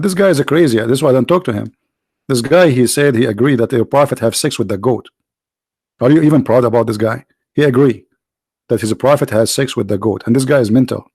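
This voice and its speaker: Hoarse gravelly guy running a live debate stream, mocking and taunting, dry close sound. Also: mid-range voice, a little mellow, no room sound. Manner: mocking, taunting, full of rhetorical questions. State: hoarse, losing his voice. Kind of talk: combative religious polemic commentary.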